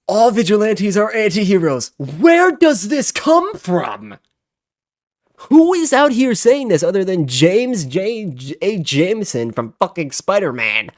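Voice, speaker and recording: A man's voice: high voice, sing-song, measured pace, dry recording, clean studio sound. A man in his twenties with a heated, profane, exasperated way of talking as he hosts a reaction video. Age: 20s. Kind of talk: ranting reaction commentary.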